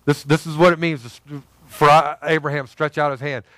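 A man preaching with lively, conversational energy, slipping into voiced quotes of the story's characters. His voice sits a little high for a man. The sound is close and dry, with no room around it. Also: fairly quick, no echo. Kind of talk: sermon.

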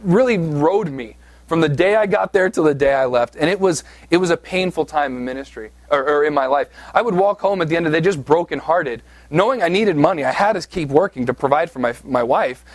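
A man's voice: a little high, brisk, no room sound. A man from southeast Pennsylvania preaching a sermon, telling a personal story in a conversational, self-deprecating way with frequent "right?" asides. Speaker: pastor.

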